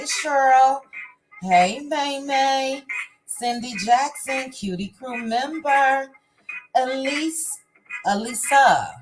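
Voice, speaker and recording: A woman's voice: a little high, background noise. A woman hosting a casual livestream, reading viewer comments and greeting each viewer by name. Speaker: livestream host. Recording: music playing behind the voice.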